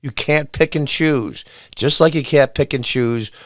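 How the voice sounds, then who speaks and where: A man's voice: medium pitch, a little slow, no echo. A man delivering a commentary monologue with a blunt, exasperated edge and plenty of sarcasm. His voice sits mid-range and sounds dry and close, with little room around it. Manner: reads quotes aloud, then rants back at them. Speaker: podcast host.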